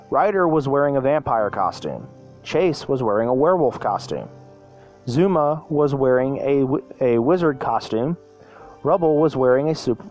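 A man's voice: mid-range voice, a little mellow. Stumbling man reading a story. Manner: stumbling, self-correcting, hesitant. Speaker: podcast host. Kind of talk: casual reading of a fan story.

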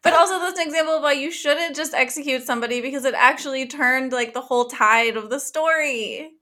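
A woman's voice: sits high, brisk, bright, forceful tone. A woman co-hosting a podcast, making dry, skeptical comments during a casual TV recap. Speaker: podcast co-host.

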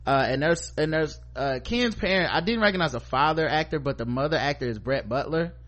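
A man hosting a podcast, recapping a TV episode in a casual, joking, animated way. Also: on the high side, fairly quick. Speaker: podcast host.

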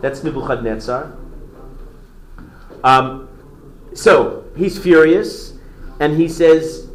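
Echoey man teaching a lively story-class. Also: a little high, slow, long pauses, slight background noise. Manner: conversational, quizzes listeners. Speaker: Torah teacher.

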